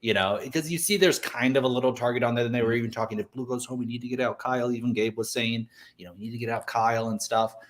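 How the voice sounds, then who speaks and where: A man's voice: medium pitch, fairly even intonation. Rambling man co-host in casual chat. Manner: rambling, halting, many fillers. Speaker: podcast co-host.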